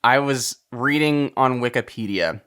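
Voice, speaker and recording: A man hosting a film podcast in casual chat, steering the talk, with sentences that often trail off softly. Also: medium pitch, a little slow, smooth. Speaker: podcast host.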